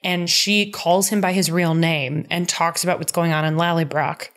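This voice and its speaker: A woman co-hosting a podcast, chatting casually and animatedly as she recaps a TV episode. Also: fairly low pitch. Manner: animated, quick bursts of speech, acts out characters' lines. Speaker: podcast co-host.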